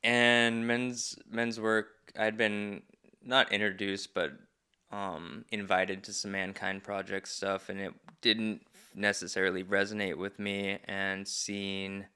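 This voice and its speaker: A man's voice: lowish voice, little pitch movement, slow pace, bright, forceful tone, clear, resonant tone. A man who facilitates men's groups, speaking as a podcast guest in an earnest, reflective way. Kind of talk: reflective conversation.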